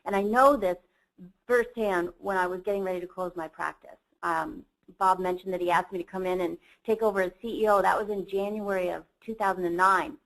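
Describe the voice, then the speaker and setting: A woman's voice: mid-range voice, rough recording. A middle-aged woman, a company CEO, giving a motivational seminar talk and telling an earnest personal story.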